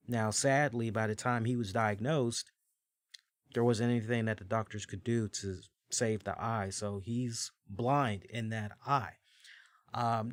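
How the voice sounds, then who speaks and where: A man in his forties hosting a podcast, telling stories in casual, animated commentary, with swearing and frequent fillers. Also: mid-range voice, no room sound, studio quality. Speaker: podcast host. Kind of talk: casual wrestling review commentary.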